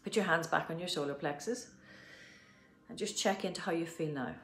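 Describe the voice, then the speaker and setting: A woman with an Irish accent leading a guided tapping session, giving gentle instructions and slow, soothing affirmations. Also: deep voice. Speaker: tapping practitioner. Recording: roomy echo.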